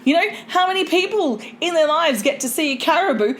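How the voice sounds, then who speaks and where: A woman co-hosting a podcast in casual, joking chat, quick and laughing often. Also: high-pitched, animated, a little hiss or hum. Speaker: podcast co-host.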